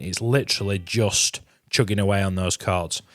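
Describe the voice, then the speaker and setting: A man's voice: lowish voice, a little slow, hardly any pauses. A man teaching a guitar lesson, chatty and encouraging, counting beats aloud as he explains. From England. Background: guitar playing.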